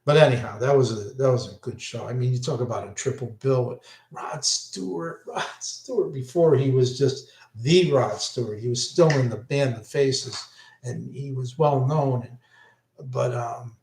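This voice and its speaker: A man's voice: medium pitch, moderate pace, a little mellow. An older man, rambling through concert memories in a casual monologue, often breaking off mid-sentence. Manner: rambling, self-interrupting, enthusiastic. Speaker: vlogger recalling concerts. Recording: echoey room.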